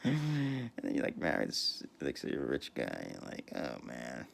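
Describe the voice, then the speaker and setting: A man's voice: a bass voice, huge pitch swings, moderate pace, gravelly, slight background noise. A man, rambling through a crude comic monologue full of swearing and laughter. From New York, USA. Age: 50s. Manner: profane, laughing, rambling storyteller.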